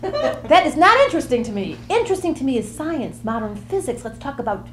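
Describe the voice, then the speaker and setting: A woman's voice: high-pitched, sing-song, brisk, a bit bright, a little hiss or hum. A woman acting out a bubbly, quirky Gemini woman who jumps from topic to topic in a comic monologue. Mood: chatty. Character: chatty flighty Gemini woman, easily bored.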